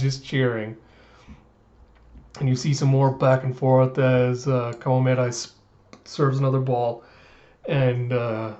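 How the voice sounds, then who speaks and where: A man recapping a comic chapter in casual chat, rambling and hesitant with many pauses. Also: medium pitch, dark tone, lo-fi sound. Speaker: manga reviewer.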